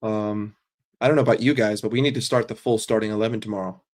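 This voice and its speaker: A man's voice: on the low side, steady tone, fast talker. A man hosting a casual livestream, reading chat messages and ranting bluntly and sarcastically with frequent swearing. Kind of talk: casual livestream fan rant.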